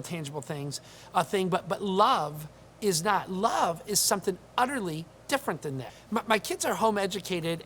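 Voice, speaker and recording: A woman's voice: lowish voice, a little hiss or hum. A woman pastor preaching a sermon, earnest and emphatic, with frequent fillers and restarts.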